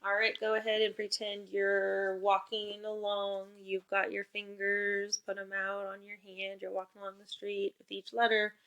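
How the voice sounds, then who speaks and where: Bright-voiced upbeat woman teaching spelling. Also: medium pitch, monotone, moderate pace, few pauses, highs cut off. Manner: upbeat, encouraging, clear call-and-response prompts. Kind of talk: remote spelling lesson for young children.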